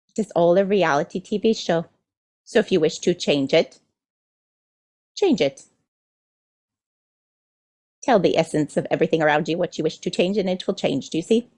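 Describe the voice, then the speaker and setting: A woman's voice: on the low side, moderate pace, darkish tone. A woman channeler delivering a spiritual message as a collective "we", playful and enthusiastic, often checking in with her listeners. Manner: teasing, checks in with "do you see?".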